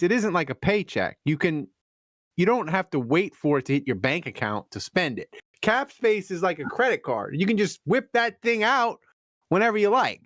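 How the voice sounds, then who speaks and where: A playful podcast co-host whose pitch bounces all over as he jokes and poses questions. His talk is loose and full of filler words. The sound is dry and close, with no room around it. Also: no echo. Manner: joking, animated, lots of filler "like". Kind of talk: casual podcast banter.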